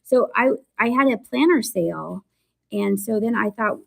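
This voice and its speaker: A woman hosting a casual live-stream sale, chatting excitedly about her finds and laughing often. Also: on the high side, normal speed, creaky. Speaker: live online seller showing thrift finds.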